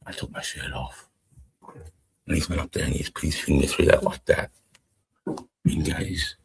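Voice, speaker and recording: A man's voice: extremely low pitch, steady tone, moderate pace, gravelly, long pauses, slight background noise. A man in his forties with an Australian accent, an army veteran telling blunt, profane war stories in casual rambling talk. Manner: blunt, swears constantly, rambling storyteller. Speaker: army veteran and stream co-host.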